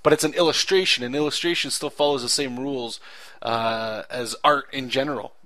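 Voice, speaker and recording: A man's voice: medium pitch, fairly even intonation, brisk, a bit bright, no echo. Casual, rambling male art narrator. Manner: rambling and conversational, with frequent ums and self-corrections; earnest and enthusiastic about clear storytelling. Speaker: artist narrating his drawing process. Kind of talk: casual voice-over commentary on a speed drawing.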